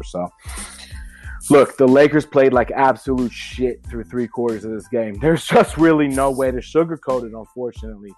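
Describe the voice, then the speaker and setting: A man's voice: mid-range voice, moderate pace, a little mellow, soft background music. A man hosting a solo sports podcast in a casual, emphatic way, reading an ad and breaking down a game. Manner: casual, emphatic, swears freely. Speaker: podcast host.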